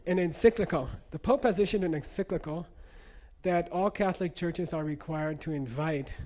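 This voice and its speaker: A Buddhist teacher tells a lively story to his audience, with many relaxed asides as he goes. His man's voice sits slightly high but sounds warm and mellow. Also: normal speed. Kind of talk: storytelling talk.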